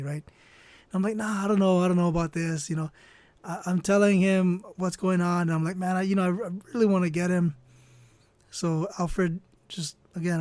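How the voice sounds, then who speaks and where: A man with a fairly high voice tells a casual, comedic story while he draws. He rambles in an offhand way and keeps hedging and trailing off. The sound is close and dry, with no room echo. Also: darkish tone. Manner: rambling and offhand, full of "you know" and "I don't know". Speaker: storyteller and artist.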